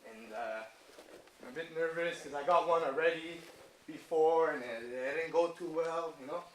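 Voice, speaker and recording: A man's voice: fairly high pitch, normal speed, fairly bright tone, slight background noise. A man who owns a jiu-jitsu gym, telling a story in a casual interview with swearing and laughter.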